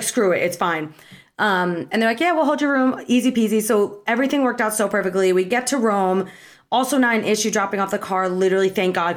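A young woman telling a travel story in a casual, bubbly, chatty way, acting out bits of dialogue. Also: mid-range voice. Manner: bubbly and chatty, lots of fillers and quoted dialogue. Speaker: vlogger.

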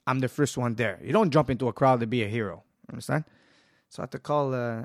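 Gravelly man telling a lively story. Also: mid-range voice, fast talker, no room sound, studio quality. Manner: animated, acts out quotes, swears. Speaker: guest, jiu-jitsu school owner. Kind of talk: storytelling in casual interview.

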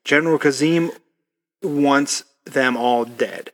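Male podcast co-host, relaxed movie-discussion delivery, lively, slips into quoted character voices. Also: mid-range voice, slow pace. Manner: animated, quotes movie lines in put-on voices.

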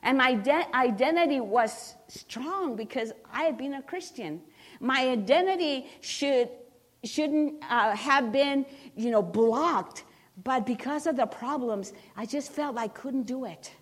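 A woman's voice: sits high, a little slow. Earnest woman giving church testimony. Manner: earnest, emphatic, with frequent restarts. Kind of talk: personal testimony at a church service.

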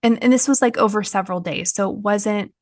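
A woman's voice: medium pitch, fairly quick, darkish tone, no room sound, clean studio sound. A woman, hosting a podcast and telling a personal story in a frank, chatty way with many fillers. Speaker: podcast host. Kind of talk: candid personal podcast talk.

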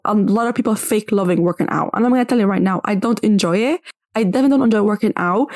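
A young woman vlogger ranting casually to camera, blunt and animated, with "like" in almost every phrase. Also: medium pitch, dry recording, studio quality. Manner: blunt, animated, says "like" constantly.

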